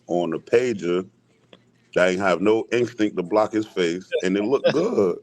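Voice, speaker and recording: A man with a lowish voice talks through a fight story in relaxed street slang. He laughs easily and speaks without hurry. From Hartford, Connecticut. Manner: laid-back street slang, quick laughs. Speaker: guest boxer. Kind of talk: casual chat.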